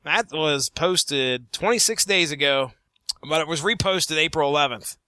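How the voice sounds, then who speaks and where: A man co-hosting a casual podcast, reading online listings aloud in an animated way and laughing often. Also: fairly high pitch, a little slow, clean tone, dry recording. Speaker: podcast co-host.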